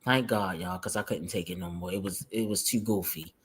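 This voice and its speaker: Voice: sits low, steady tone, fairly quick, breathy edge. Slangy chatty livestream host. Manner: chatty, slangy, addresses viewers as y'all. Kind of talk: casual reaction livestream.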